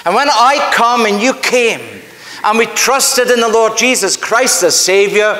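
Man, Scottish accent, pastor, high voice, slow, earnest sermon. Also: animated, pushed and bright. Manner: earnest, emphatic storytelling. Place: church sanctuary. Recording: echoey church hall with long reverb.

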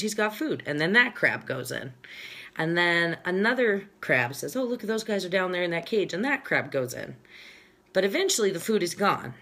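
A woman in her thirties talks to her followers in a loose, rambling way. Her voice sits low for a woman. She chats like a fitness coach giving a pep talk. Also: a bit bright. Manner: chatty, rambling, reads viewer comments aloud. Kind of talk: casual chat to followers, live-streamed.

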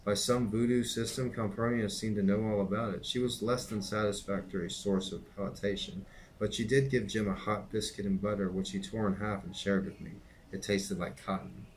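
A middle-aged man with a fairly low voice reads a novel aloud at an unhurried, steady pace. His delivery is plain and even, like a teacher reading to a class, with faint background noise. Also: low-quality recording. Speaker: reader and teacher.

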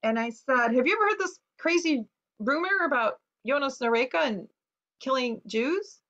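An earnest woman author recounts a painful family discovery, weaving in quoted dialogue and frequent fillers. Her voice sits slightly high. The recording is muffled and lo-fi. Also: animated, moderate pace, a bit bright. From United States. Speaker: author guest. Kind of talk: personal interview storytelling. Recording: dull lo-fi recording.

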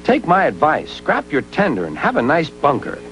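A man's voice: fairly high pitch, huge pitch swings, moderate pace, loud music behind the voice, voice pushed up, rough recording. A man voicing a cheeky little male tank engine who teases in a children's storybook tale. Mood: teasing. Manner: teasing.

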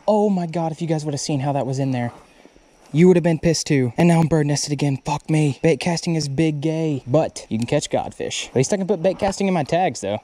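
A young man casually narrating his own fishing trip outdoors, excitable and quick to swear, recorded on a chest-mounted action camera. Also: fairly high pitch. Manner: excitable and profane, swears freely when snagged. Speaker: fishing vlogger. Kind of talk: casual on-the-go vlog commentary. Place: outdoors at a creek by a bridge.

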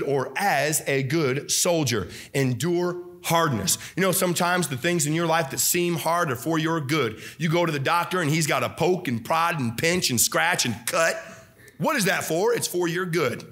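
A young man preaching a sermon as pastor, fervent and repetitive, swinging between shouts and quiet drops. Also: fairly high pitch, normal speed. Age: young adult.

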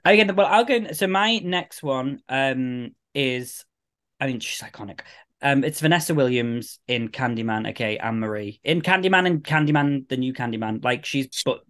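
A man's voice: mid-range voice, expressive, normal speed, fairly bright tone. Give me an easygoing man hosting a casual podcast, ordinary mid-range voice. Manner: easygoing, steers the conversation. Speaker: podcast host. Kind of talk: casual chat.

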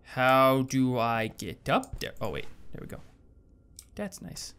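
A man's voice: mid-range voice, big pitch swings, slow pace, fairly bright tone, clear, resonant tone. Jumpy man narrating a horror game. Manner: jumpy, swearing, nervous self-talk. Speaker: gaming channel host. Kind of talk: horror game let's play commentary.

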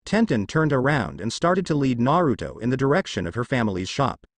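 A man's voice: mid-range voice, sing-song, a little fast, dry recording. A man reading fanfiction aloud, telling the story steadily. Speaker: fanfiction narrator.

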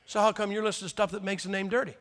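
A man in his sixties delivers a folksy sermon, throwing rhetorical questions at his listeners. His voice sits high and gravelly. A long hall reverb trails behind every phrase. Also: little pitch movement, racing, a bit bright. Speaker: preacher.

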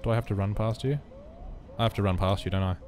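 A man's voice: fairly low pitch, steady tone, quick pace, darkish tone. An Australian man streaming a horror game, nervous and jittery, swearing a lot and joking through his fear. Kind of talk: live-streamed horror gameplay commentary.

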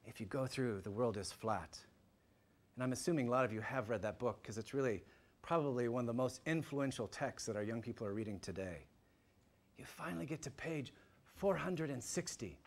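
A man giving a public lecture to a live audience, animated and emphatic, swinging from loud points to hushed asides. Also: medium pitch, brisk. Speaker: guest lecturer.

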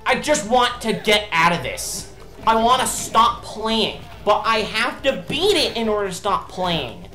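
A woman's voice: medium pitch, big pitch swings, measured pace, bright, forceful tone. A woman giving gameplay commentary in an exasperated, ranting way, swearing often. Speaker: let's play host. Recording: roomy echo with game music behind. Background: game music.

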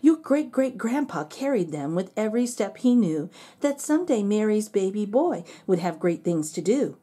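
A patient mother donkey, as a woman puts her on, soft and soothing as she settles her little one. The voice is warm and a little breathy, with lively ups and downs. It is told as a storybook read-aloud. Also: medium pitch, normal speed. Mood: tender.

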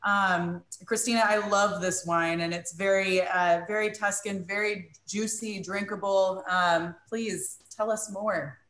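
A woman's voice: mid-range voice, steady tone, unhurried, few pauses, fairly bright tone. A woman hosting a virtual wine tasting, upbeat and encouraging questions from the audience. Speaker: host. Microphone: video call. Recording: echoey room on a call.

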